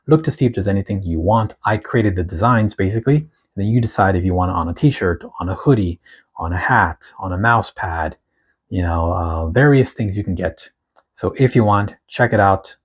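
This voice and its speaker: Husky, fervent man reading a prophecy. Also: on the low side. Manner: fervent, swings from loud exclamations to hushed whispers; slow, drawn-out emphasis on key words. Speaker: host of a prophetic word channel. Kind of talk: reading and commenting on a prophetic word.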